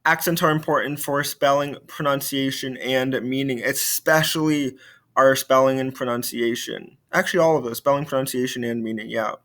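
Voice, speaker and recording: A man's voice: mid-range voice, fairly even intonation, moderate pace, a bit bright. Man teaching a recorded French lesson. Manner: explaining patiently, repeats key points.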